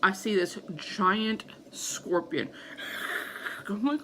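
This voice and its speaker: Animated storytelling woman with gravelly edge. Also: lowish voice, normal speed, background noise. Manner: animated, acts out her own panicked reactions. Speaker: vlogger. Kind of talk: casual storytelling to camera.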